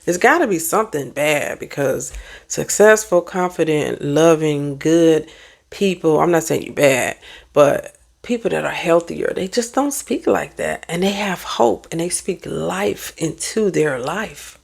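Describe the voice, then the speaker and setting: Gravelly, lively woman vlogger. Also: sits low, measured pace. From United States. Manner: animated, preachy, talks back to commenters. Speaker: therapist and life coach. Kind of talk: casual motivational vlog talk.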